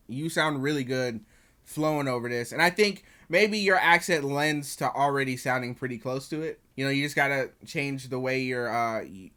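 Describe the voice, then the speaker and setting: A man's voice: mid-range voice, bright, forceful tone. A young man casually reviewing an album as he reacts to it, slangy and profane, with chatty asides to his viewers.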